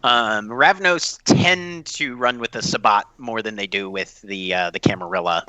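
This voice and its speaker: A man runs a tabletop game as its storyteller, his tone strikingly bright and cutting. The sound is dry and close. He paints each scene with pauses and small restarts. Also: fairly low pitch, no room sound, poor audio. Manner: descriptive, with pauses and repeats. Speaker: game master.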